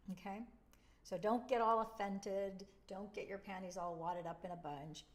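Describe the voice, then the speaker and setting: A woman talks straight to the camera in a casual, heartfelt way, swinging between tender encouragement and blunt, salty asides. Her voice sits in a middle register, and she leans in with animated emphasis on her favorite points. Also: medium pitch, moderate pace. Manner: emotional, chatty, blunt and animated. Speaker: spiritual video host. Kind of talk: casual spiritual talk to camera.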